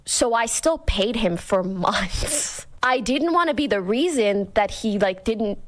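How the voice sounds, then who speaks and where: A woman's voice: on the high side, animated, slow. A woman casually telling a story in an exasperated way.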